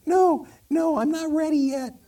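A timid little wax candle squeaks in a thin, high voice, as a man puts it on. It sounds small and frightened, a storybook object that shrinks from being lit. The voice sits a little distant from the mic. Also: measured pace, warm tone. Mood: fearful. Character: timid little male stubby candle, fearful.

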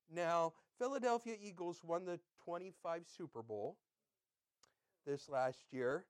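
A man with a fairly high voice delivers a relaxed, conversational sermon. He quizzes his congregation and drifts into chatty asides. The sound is dry and close. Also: unhurried, dry recording. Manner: conversational, quizzing listeners with quotes. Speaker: pastor.

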